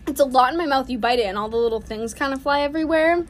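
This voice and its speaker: Young adult woman with a somewhat high voice co-hosts a podcast in loose, casual chat. She talks quickly and breaks into giggles often, with a faint hiss of noise underneath. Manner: fast-talking, giggly. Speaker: podcast co-host.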